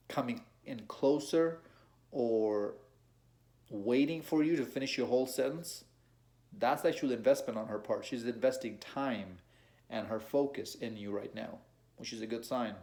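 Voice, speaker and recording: A man's voice: mid-range voice, a little mellow. A young man talking to camera in a casual advice monologue. He speaks conversationally, often restarting and repeating phrases, and calls the viewer bro. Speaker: dating advice vlogger.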